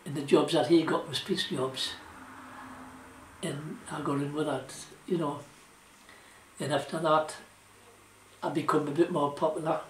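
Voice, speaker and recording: A man's voice: fairly high pitch, fairly even intonation, a little slow, long pauses, recorded from a distance, a little hiss or hum. An older man with a Geordie accent, telling rambling stories of his working life in casual dialect, full of "you know" and "like". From South Shields, England. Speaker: interviewee, former shipwright. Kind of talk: oral history reminiscence. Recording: roomy echo, voice from off-mic.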